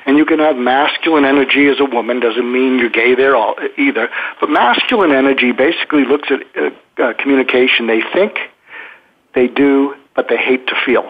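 A man's voice: medium pitch, a little fast, slightly rough. An older man, a psychiatrist guest, explaining at length in a rambling way with many fillers and restarts. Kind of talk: casual explanatory interview talk. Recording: tinny phone line.

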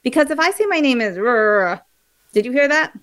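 A woman being interviewed as a memory coach, explaining in a lively, teacherly way and acting out examples. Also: high voice, fast.

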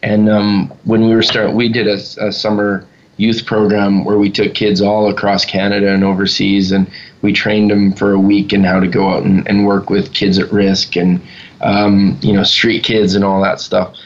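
A man who is a youth leader, telling earnest stories in a casual chat and pausing often to find his words. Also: fairly low pitch, completely flat delivery. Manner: earnest, halting storytelling. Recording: dull lo-fi sound.

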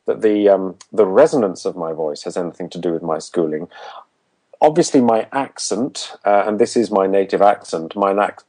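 A man with a low, warm and mellow voice answers interview questions about speaking. He explains things in a measured, articulate way, like the voice coach he is. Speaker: voice coach and former voiceover artist.

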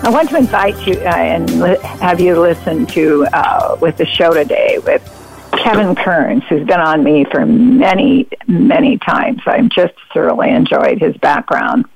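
An older woman hosting an internet radio talk show, chatting in a halting way with a Pacific Northwest accent and laughing often. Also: on the low side, lively intonation, vocal fry, a little mellow, faint music behind, low-quality recording. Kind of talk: casual interview chat.

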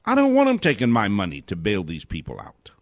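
A man's voice: lowish voice, huge pitch swings, a little fast, dry recording. Indignant man firing rhetorical questions. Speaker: host. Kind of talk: spoken commentary monologue.

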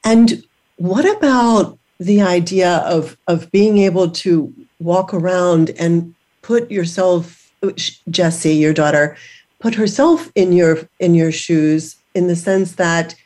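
A woman's voice: on the low side, slow, a little mellow. A woman hosting an interview, asking reflective questions in a searching way, circling and repeating as she goes. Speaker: podcast host.

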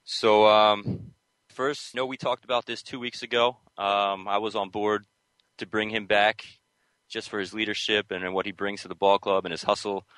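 A man's voice: on the low side, little pitch movement, moderate pace, fairly bright tone, smooth, no echo, low-quality recording. A man co-hosting a sports talk radio show who jokes around loosely, with plenty of fillers. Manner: loose and joking, filler-heavy. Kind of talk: casual sports radio banter.

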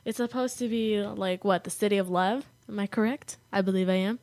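A woman's voice: medium pitch, steady tone, a little fast, a little mellow, no room sound. A young woman co-hosting a kids' radio show, chatting casually and teasing. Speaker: co-host. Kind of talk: casual chat.

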